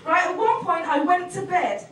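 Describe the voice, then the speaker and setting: A woman's voice: very high voice, expressive, moderate pace, a bit bright, a little hiss or hum. A woman comedian, doing a brash, swearing, self-mocking stand-up set. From Turkey. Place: comedy venue with an audience. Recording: roomy venue sound from a distance.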